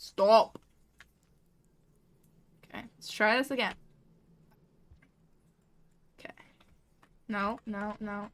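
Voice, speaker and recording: A woman's voice: mid-range voice, steady tone, slow pace, long pauses, bright, forceful tone. A young woman casually commenting while playing a video game, often startled into squeals and apologizing to the creatures on screen. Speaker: gamer. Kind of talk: casual let's-play commentary.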